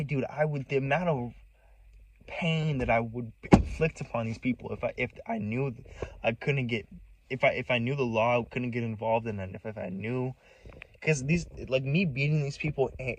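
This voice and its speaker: A man's voice: mid-range voice, brisk, poor audio. A man telling a personal story in a casual monologue, agitated and profane, rambling with many restarts. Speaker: vlogger.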